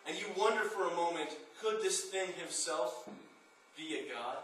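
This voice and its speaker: A man delivers an impassioned sermon, retelling a story with dramatic build-ups. His voice sits high, and the sound comes from a distance in a very echoey room with faint background noise. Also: expressive, moderate pace, fairly bright tone. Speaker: preacher.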